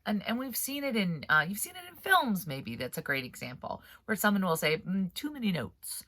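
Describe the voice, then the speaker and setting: A woman's voice: medium pitch, big pitch swings, brisk, sharp tone, dry recording, clean studio sound. A woman author hosting a casual writing-advice vlog, talking in a rambling, chatty way with frequent laughs and a stuffy nose from allergies. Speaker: author and writing coach host.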